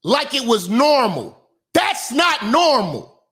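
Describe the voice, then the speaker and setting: Very high-voiced preachy male commentator. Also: big pitch swings, takes it slowly. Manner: preachy, emphatic, profane, bursts into shouting. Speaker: online commentator and minister. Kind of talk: profane comedic commentary monologue.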